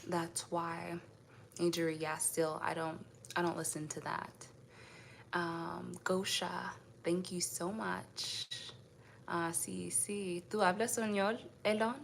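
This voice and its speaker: A woman with a low, gravelly voice chats casually with viewers on a live stream. She was raised in the United States and answers their comments one by one, laughing often. A faint hiss sits under her voice. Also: flat delivery, slow pace. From United States (raised in Indianapolis).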